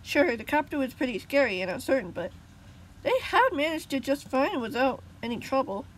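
A woman's voice: sits high, expressive, moderate pace, a little hiss or hum, low-quality recording. A woman reading her own story aloud, casual, with small slips and restarts.

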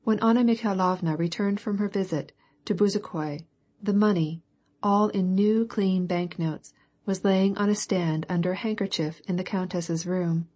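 Husky-voiced woman narrating an audiobook. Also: medium pitch, fairly even intonation, moderate pace, darkish tone. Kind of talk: scripted narration.

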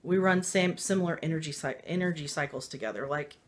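A woman's voice: low-pitched, brisk. A woman casually telling a personal spiritual story, rambling with many fillers and little laughs, emotional and confiding. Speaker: spiritual vlogger.

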